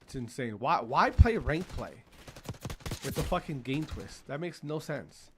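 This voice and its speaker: A man's voice: on the high side, lively intonation, a little slow, background noise. A man streaming gameplay, ranting profanely at teammates and repeating himself. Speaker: gaming streamer. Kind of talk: casual gameplay commentary. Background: gunfire from the game.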